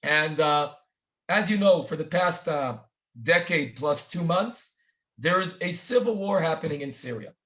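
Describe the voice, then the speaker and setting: Male webinar lecturer, high voice, speaks to the audience as friends, dramatic storytelling. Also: expressive, measured pace, a bit bright. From Israel. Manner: direct audience address, calls listeners "friends". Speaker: webinar speaker and tour educator. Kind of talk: live online lecture. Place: home near the Syrian border. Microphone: video call.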